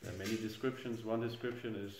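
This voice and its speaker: A man's voice: on the low side, steady tone, quick pace, background noise. A middle-aged man giving an informal scripture class in a temple hall, speaking hesitantly and chuckling at his own jokes. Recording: echoey room.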